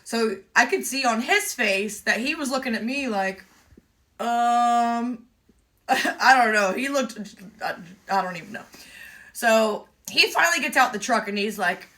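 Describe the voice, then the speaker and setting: A woman, casually telling a lively story and acting out the exchanges she had along the way. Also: a little high, a little slow. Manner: lively, vivid retelling with quoted exchanges. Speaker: emu owner telling a story.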